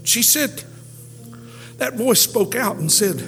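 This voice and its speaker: High-pitched shouting preacher in a hall. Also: male voice, animated, takes it slowly, gravelly, long pauses. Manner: shouts and half-sings climactic lines, drops low for stories. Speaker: pastor. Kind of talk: shouted Pentecostal sermon. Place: church camp meeting hall. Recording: large hall reverb with music behind.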